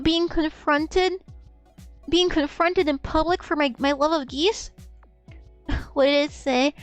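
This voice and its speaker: A woman's voice: extremely high pitch, dry recording. A young woman streamer chatting casually, rambling and giggly, often stammering and repeating words and swearing freely. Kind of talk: casual live-stream chat.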